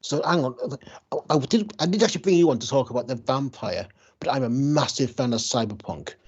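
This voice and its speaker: A man's voice: medium pitch, expressive, fairly quick, slightly rough, highs cut off. A man co-hosting a podcast, asking questions eagerly in a casual chat. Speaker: podcast co-host.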